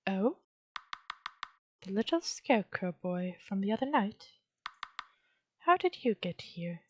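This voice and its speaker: A woman voicing a gentle, lonely female witch who speaks in a soft, sweet, coaxing way. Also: mid-range voice, big pitch swings, slow pace, lo-fi sound, a little hiss or hum. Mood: soothing.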